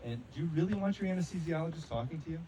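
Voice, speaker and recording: A man's voice: fairly high pitch, expressive, racing, noisy background. A man in his fifties from North Carolina doing an amateur stand-up routine at a wedding party, with dry, self-deprecating punchlines. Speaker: amateur stand-up comic, a physician. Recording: crowd laughter and applause.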